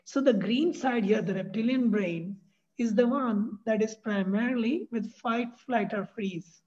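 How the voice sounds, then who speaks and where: A man leading a workshop, explaining ideas in a lively way and acting out anxious inner voices. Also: high-pitched, unhurried. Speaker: workshop facilitator. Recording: dull lo-fi sound.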